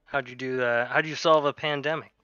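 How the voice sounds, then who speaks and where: A man's voice: medium pitch, steady tone, a little fast, pushed and bright, clean tone, dry recording, muffled recording. A man playing a tabletop game in an easygoing manner. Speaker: player. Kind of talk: casual tabletop play.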